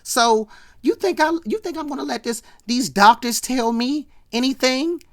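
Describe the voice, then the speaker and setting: A woman voicing a brassy, defiant older sitcom matriarch in a lower, softer voice that turns into loud scolding. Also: animated, normal speed.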